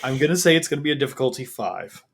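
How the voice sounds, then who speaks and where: A man of middling pitch narrating as game master of a tabletop game. He talks in a relaxed way, laughs easily and lets his sentences wander. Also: racing, a little hiss or hum.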